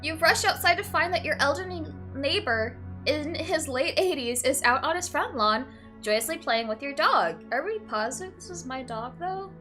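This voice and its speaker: Young woman gamer reading questions out loud, high and bright voice, gets teary, bit of music under her. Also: moderate pace. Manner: emotional, swings from flat to teary and laughing; uses "like" and "literally" often. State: tearful at times. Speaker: let's play streamer. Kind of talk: reading game text aloud and reacting.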